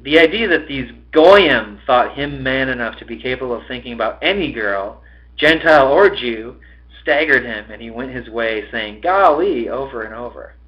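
A man reads a novel aloud in an expressive, mid-pitched voice and curses casually when he stumbles. The audio is slightly muffled. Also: moderate pace. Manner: expressive reading, breaks off to swear at his own slips. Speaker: podcast host reading a novel.

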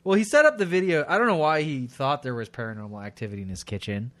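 A man co-hosting a podcast, chatting crudely and laughing often. His voice sits at an ordinary middle pitch. The sound is dry and close, with no room around it. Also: fast talker, fairly bright tone, no room sound. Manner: crude, laughing, puts on silly voices in anecdotes. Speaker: podcast co-host. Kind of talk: casual comedic chat.

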